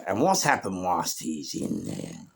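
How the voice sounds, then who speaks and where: A man's voice: sits low, huge pitch swings, a little slow, creaky, slightly rough. A man with a London accent telling stories casually, with street slang, swearing, and frequent "yeah?" check-ins. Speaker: storyteller guest. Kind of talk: casual storytelling.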